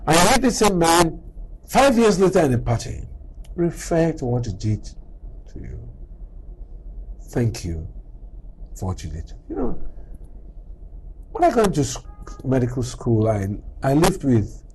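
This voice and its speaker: A man's voice: on the high side, measured pace, long pauses, slightly rough, low-quality recording. A middle-aged man giving a motivational talk as a doctor. He tells stories, acts out the exchanges he quotes and fires off rhetorical questions. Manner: animated storyteller, acting out quoted exchanges and firing rhetorical questions.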